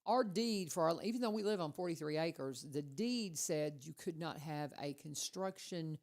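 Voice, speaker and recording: Low-voiced chatty woman host. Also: moderate pace. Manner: chatty storyteller, animated. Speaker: radio host. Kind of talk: casual radio chat.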